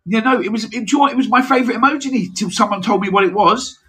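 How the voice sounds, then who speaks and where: Bloke, high bright voice, arguing in dry banter, light music behind. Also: male voice, racing, low-quality recording. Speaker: co-host. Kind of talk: casual chat.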